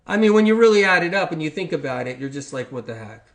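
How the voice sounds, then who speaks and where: Middle-aged guy ranting on a health talk, kinda high voice, loud then quiet, keeps repeating himself and asking questions. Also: animated, quick pace. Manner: swings between loud outbursts and low-key talk. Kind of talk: animated monologue.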